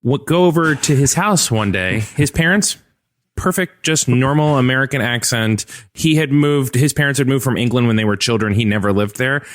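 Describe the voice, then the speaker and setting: A man from Central Florida co-hosting a podcast, telling stories excitably and laughing often in casual banter. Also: mid-range voice, normal speed, slight background noise. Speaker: podcast co-host.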